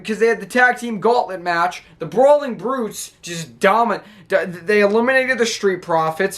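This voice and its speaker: A young man hosting a casual wrestling recap video, chatty and excitable, quick to laugh. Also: high voice. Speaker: wrestling show recap YouTuber.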